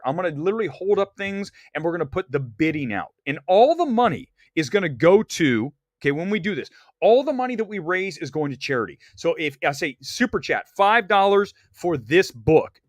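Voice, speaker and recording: A man's voice: fairly high pitch, very animated, a little fast, hardly any pauses, no echo, clean studio sound. Blunt, rambling man hosting a live stream. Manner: blunt, opinionated, rambling with restarts. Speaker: livestream host. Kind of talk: animated live-stream chat.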